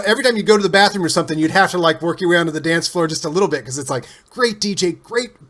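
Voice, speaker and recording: A man from Cincinnati, a guest on an interview show, telling stories in a loose, animated way with restarts and laughter. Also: sits high. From Cincinnati, USA. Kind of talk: casual storytelling interview.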